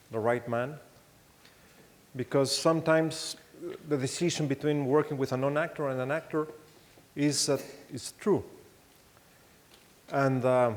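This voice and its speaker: A man with a Mexican accent giving a keynote talk, telling anecdotes in a halting way with many restarts and acting out the voices he quotes. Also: medium pitch. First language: Spanish. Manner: animated storytelling, acts out quoted voices. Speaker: keynote speaker. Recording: long hall reverb.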